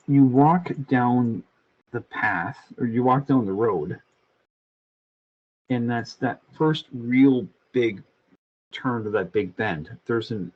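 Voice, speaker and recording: An older man with a husky voice, telling a meandering, crude story in casual podcast chat. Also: mid-range voice, dull audio. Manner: crude, meandering, many restarts. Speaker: podcast co-host.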